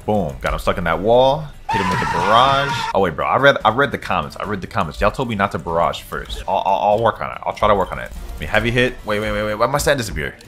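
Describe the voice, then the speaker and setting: A young man giving casual, slangy gameplay commentary, excitable and quick to repeat himself. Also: fairly low pitch, music in the background. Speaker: gaming video host.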